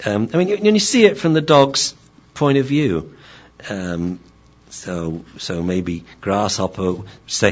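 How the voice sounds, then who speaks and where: Speaking slowly in a lowish voice, a dog trainer delivers an informal lecture. His style is animated, playful and chatty, packed with fillers, and he laughs and imitates voices along the way.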